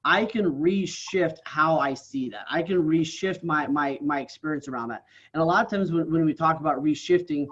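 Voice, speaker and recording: A man with a fairly high, fairly bright voice speaks at a moderate pace with few pauses, and the audio sounds dull. As a podcast guest in a casual interview, he talks earnestly and often tags his lines with "right?"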